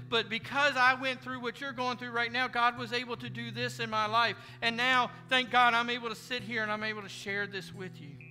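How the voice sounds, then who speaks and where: An earnest male pastor delivers a sermon in a fairly high voice, acting out the prayers and conversations he imagines. His words ring through a reverberant church hall. Guitar music plays clearly behind him. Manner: earnest, preacherly, voicing imagined prayers and speeches. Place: church sanctuary.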